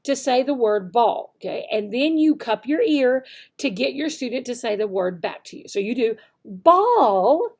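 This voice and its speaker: A woman's voice: fairly high pitch, expressive, moderate pace, mellow. A woman giving an instructional video lesson for online English teachers, checking in with "okay?" often and demonstrating words in varied voices.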